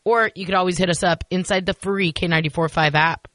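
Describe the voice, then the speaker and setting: Chatty self-deprecating lady radio host, bright sharp voice, dry studio sound. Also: lowish voice, steady tone, fast, no echo. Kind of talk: casual radio chat.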